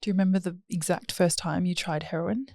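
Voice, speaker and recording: Podcast host, mid pitch, dry close sound, direct questions. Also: steady tone, brisk, creaky, darkish tone, dry recording. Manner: brief encouraging interjections, direct questions. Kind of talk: interviewing.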